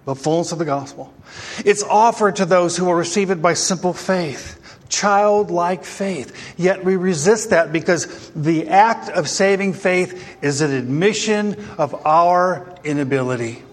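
A man with a high, bright-pitched voice preaches emphatically, pressing his congregation with rhetorical questions. His words ring out with a long reverb tail, as if caught in a large church sanctuary. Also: a little slow. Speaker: pastor. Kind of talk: sermon.

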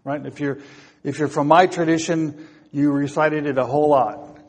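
Male preacher, high and slow, full of rhetorical questions, long hall reverb. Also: steady tone. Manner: asks rhetorical questions, repeats phrases. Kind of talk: sermon.

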